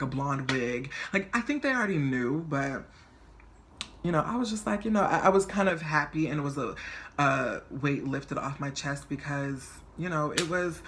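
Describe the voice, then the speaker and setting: A man in his twenties telling a personal story on his vlog in a chatty, flamboyant and animated way. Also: on the high side, a little hiss or hum. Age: 20s. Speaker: vlogger.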